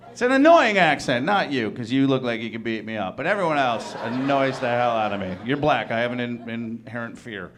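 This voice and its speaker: A man's voice: medium pitch, fairly quick, noisy background. A man from Wisconsin doing a stand-up comedy set on a club stage, rambling and chuckling at his own jokes as he slips into mock voices.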